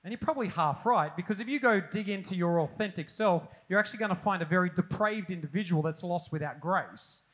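A middle-aged man preaching a sermon, animated and self-deprecating with humorous asides. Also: high voice, a little fast, few pauses, poor audio. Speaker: pastor.

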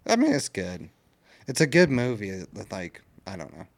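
A man's voice: on the low side, huge pitch swings, moderate pace. A man co-hosting a podcast, talking casually and with a lot of profanity. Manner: laid-back, profane, says dude a lot. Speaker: podcast co-host. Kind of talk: casual chat.

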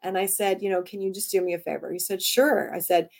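A woman author, interviewed as a guest, telling lively stories and acting out the dialogue in them. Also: medium pitch, quick pace. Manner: animated storytelling, acts out quoted dialogue. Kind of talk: conversational interview.

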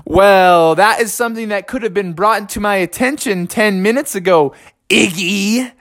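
Bubby, a dad playing a stubborn bear. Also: male voice, on the high side, expressive, normal speed, pushed and bright, pitched above the performer's own voice. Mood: indignant. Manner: indignant, sarcastic retorts. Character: clumsy, stubborn young male bear.

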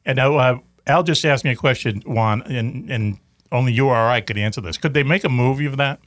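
A middle-aged radio host with a Boston accent who drifts from one tangent to the next and cracks jokes along the way. His voice is dry and close to the mic, with a plain, mid-range pitch. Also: fairly quick, fairly bright tone, no echo. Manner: jokey and rambling. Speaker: radio talk show host. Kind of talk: casual chat.

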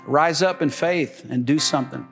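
A middle-aged male preacher with a fairly high voice, full of jokes and sudden leaps into shouted exclamations. Soft instrumental music plays faintly behind him. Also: normal speed. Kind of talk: sermon.

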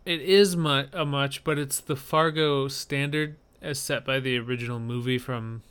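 A man's voice: mid-range voice, fairly even intonation, normal speed, fairly bright tone, clean tone. A man co-hosting a casual podcast chat, matter-of-fact with dry humor. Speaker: podcast co-host.

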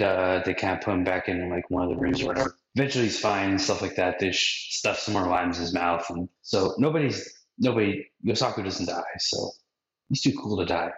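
Low-voiced man rambling a casual recap. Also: fairly bright tone. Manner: rambling and slangy, acts out quotes. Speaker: podcast host recapping an anime. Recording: roomy, dull lo-fi podcast audio.

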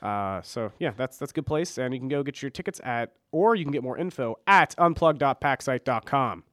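A man's voice: medium pitch, expressive, fairly quick, a bit bright, no room sound, studio quality. A young man with a stuffy cold, co-hosting a casual college radio show, rambling and correcting himself with jokes. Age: young adult. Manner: rambling, self-correcting, jokey. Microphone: studio mic.

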